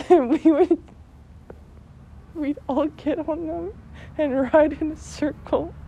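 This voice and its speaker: A woman's voice: sits high, steady tone, slow pace, vocal fry. A young woman from Alberta, Canada, casually telling childhood stories, giggling often and swearing freely. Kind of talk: casual storytelling vlog. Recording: dull lo-fi with loud noise.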